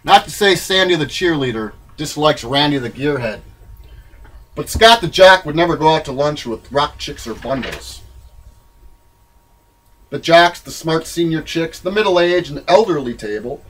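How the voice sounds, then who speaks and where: Husky man telling a rambling memoir. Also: animated, moderate pace, poor audio. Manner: rambling, wry and irreverent, swings between loud bursts and low mutters. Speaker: narrator of his own memoir. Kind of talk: spoken-word memoir reading.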